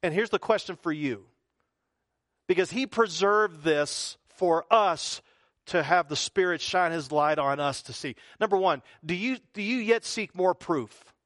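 A man's voice: sits high, unhurried, a bit bright, no room sound, clean studio sound. A male pastor preaching a conversational sermon, full of rhetorical questions and repeated phrases.

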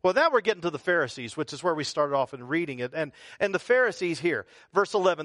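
A man's voice: fairly high pitch, lively intonation, quick pace, few pauses, fairly bright tone, no room sound, clean studio sound. A male pastor preaching a conversational sermon, full of rhetorical questions and repeated phrases.

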